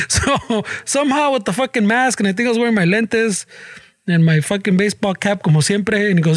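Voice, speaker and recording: High-voiced man chatting, dry mic. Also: fairly quick, no echo. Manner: profane, laughing, mixes English and Spanish. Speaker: podcast co-host. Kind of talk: casual chat.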